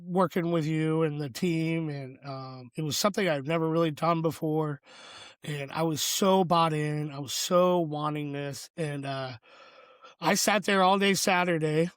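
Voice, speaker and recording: A man with a somewhat high-pitched voice tells a personal story on a podcast. He sounds earnest and reflective and leans on lots of fillers. The recording is close and dry. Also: measured pace, clear, resonant tone, no room sound. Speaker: podcast co-host.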